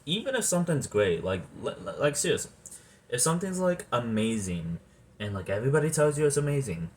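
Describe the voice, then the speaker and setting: Low-voiced guy rambling about a movie, lots of um and like, swears, gets worked up. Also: a little hiss or hum. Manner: animated, swears often, trails off with fillers. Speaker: movie reviewer. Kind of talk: casual rambling chat.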